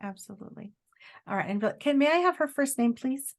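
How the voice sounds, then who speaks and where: A woman psychic medium gives a live reading, feeling her way through each message with fillers and restarts. Her voice sits fairly high. She often slips into quoting the spirit in first person. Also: animated. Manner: halting, searching delivery with many fillers and restarts.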